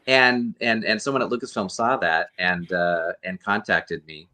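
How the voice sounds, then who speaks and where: Man, lowish voice with a bright forceful edge, earnest rambling storyteller, casual interview guest. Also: fairly even intonation, normal speed. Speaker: guest actor and costume performer.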